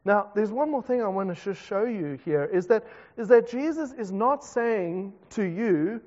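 A man's voice: high-pitched, animated, unhurried, darkish tone. A South African man, a pastor, preaching a conversational sermon with self-deprecating asides. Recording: dull reverberant hall recording.

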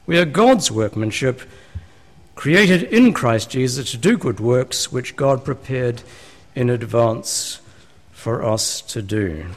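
A man's voice: medium pitch, expressive, takes it slowly. A man, a pastor preaching a sermon in a church, talking conversationally and asking his listeners rhetorical questions.

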